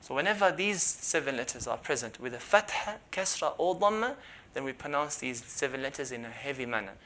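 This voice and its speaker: A man teaching a lesson on letter pronunciation, explaining patiently and repeating syllables loudly to demonstrate. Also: mid-range voice, animated, brisk. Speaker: Quran recitation teacher.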